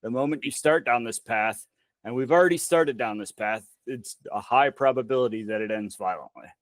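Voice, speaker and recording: A man's voice: mid-range voice, a little fast, no echo. A man talking politics on a podcast in a blunt, profane, sarcastic way. His voice sits mid-range and is recorded close and dry, with no room sound. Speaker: podcast co-host. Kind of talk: casual political chat.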